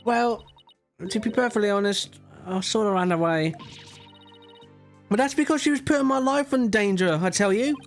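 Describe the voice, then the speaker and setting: A man voicing an upbeat, energetic young woman lawyer in a plain, lightly acted reading of game dialogue. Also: sits high, moderate pace, long pauses, soft background music, voice pushed up.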